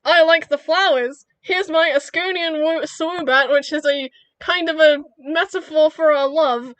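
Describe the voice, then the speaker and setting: A man's voice: very high voice, measured pace, a bit bright, no room sound. A woman voicing a shy young male hero who nervously asks his friend out. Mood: hopeful.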